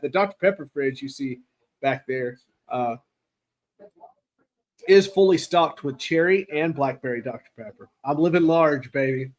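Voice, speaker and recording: A man hosting a casual live football chat, rambling and excitable, reading viewer comments aloud, his throat raw from cheering. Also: fairly high pitch. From Tennessee. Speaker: podcast host.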